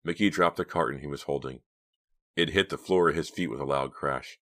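A man narrating an audiobook in a quiet, steady reading voice. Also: extremely low pitch, brisk. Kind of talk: scripted narration.

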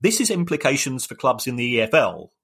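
A man co-hosting a podcast, explaining club finances in a measured way with frequent restarts. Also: medium pitch, big pitch swings, fairly bright tone, breathy edge. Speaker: football finance expert co-host. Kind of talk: casual chat.

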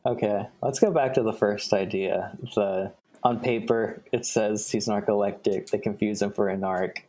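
A young man co-hosting a podcast, thinking aloud in a relaxed, casual way. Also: on the low side, normal speed. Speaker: podcast co-host. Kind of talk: casual brainstorming chat.

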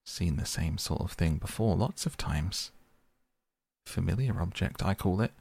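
A man's voice: low-pitched, lively intonation, unhurried, gravelly, darkish tone, slightly rough, dry recording, full character voice. A man voicing a fussy, stubborn male mole who grumbles and complains in a petulant way. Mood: complaining.

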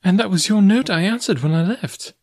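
A man voicing an earnest, gentle young woman in a storybook reading, speaking softly and breathlessly. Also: mid-range voice, lively intonation, brisk, dry recording, clean studio sound, voice pushed up. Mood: tender, wondering.

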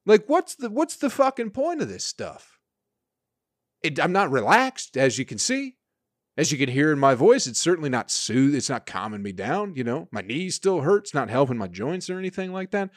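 A man's voice: medium pitch, dry recording, studio quality. A man hosting a casual solo podcast, rambling and swearing in an exasperated way. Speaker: podcast host.

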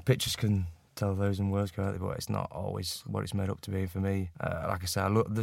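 A man's voice: lowish voice, creaky, dry recording, clean studio sound. A man in his thirties with a Northern English accent, chatting casually as a guest and laughing at himself often. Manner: laughs often, self-deprecating. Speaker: guest rugby player. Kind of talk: casual chat.

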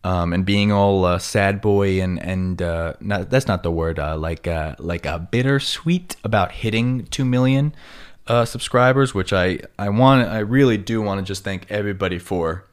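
A man's voice: low voice, normal speed, smooth. A man with a New York accent hosting a casual solo podcast, rambling along with plenty of fillers and self-corrections. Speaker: podcast host.

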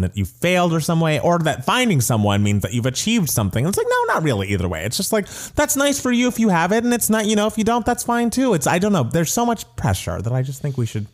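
Podcast co-host, male, animated and jokey, swoops in pitch. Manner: animated, jokey, trails off into laughs. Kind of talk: casual chat.

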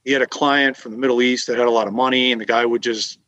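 A man from Massachusetts telling fishing stories in a relaxed podcast chat. He rambles through his anecdotes with plenty of fillers, restarts and asides. His voice sits at a middle pitch, recorded close and dry. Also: fast talker, no room sound, dull audio. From Massachusetts, USA. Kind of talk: casual conversational storytelling.

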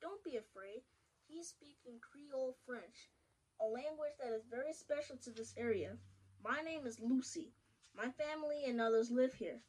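A woman's voice: high voice, moderate pace, husky, poor audio. A woman voicing a kind, motherly female butterfly in a children's storybook, soothing and affectionate. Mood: gentle. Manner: warm, soothing, calls people child and sweetheart.

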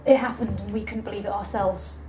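Woman player, soft reassuring in-character lines, bit off-mic, faint noise. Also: medium pitch, fairly even intonation, brisk. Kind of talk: in-character tabletop play.

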